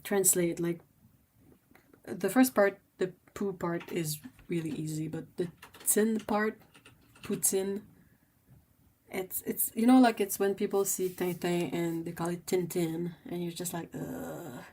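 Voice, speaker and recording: A woman with a slightly low voice chats casually as a livestream host while she paints. She rambles warmly through her thoughts with plenty of fillers, and a faint hiss sits under her voice. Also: a little slow. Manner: chatty and rambling, many fillers.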